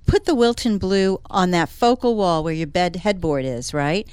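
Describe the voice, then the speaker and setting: A woman's voice: fairly low pitch, moderate pace, a little mellow, smooth, dry recording. A woman who works as an interior designer, chatting casually and with enthusiasm as a regular on a talk show. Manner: chatty, enthusiastic, laughs often. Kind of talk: casual radio chat.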